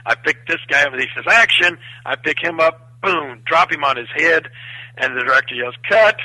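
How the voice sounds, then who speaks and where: A man's voice: medium pitch, fairly quick, no room sound, poor audio. A man telling a story in casual talk, acting out the other people's lines. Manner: animated, acts out quoted voices. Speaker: guest storyteller.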